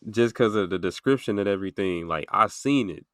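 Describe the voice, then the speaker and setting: Young male podcast host, very low voice, dry close sound, loose rambling delivery full of fillers. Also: fairly quick, fairly bright tone, no room sound. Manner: rambling, filler-heavy storytelling with many "like"s. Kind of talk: casual podcast chat.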